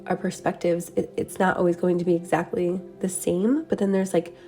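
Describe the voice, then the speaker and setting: A woman's voice: lowish voice, level tone, moderate pace, mellow, faint music behind. A woman giving a meditative spiritual transmission, talking in a dreamy, meandering way full of "like" and "um". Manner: dreamy, meandering, many "like" and "um" fillers. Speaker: spiritual channeler. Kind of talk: meditative energy transmission talk.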